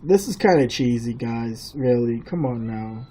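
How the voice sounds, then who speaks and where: A man's voice: mid-range voice, animated, a little slow, warm tone, breathy edge. A man ranting sarcastically in a comedic video commentary. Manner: ranting, mocking.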